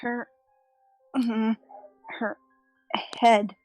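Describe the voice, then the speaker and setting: A woman player narrating her character in third person, casual and expressive. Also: on the high side, drawn-out words, faint music behind, poor audio.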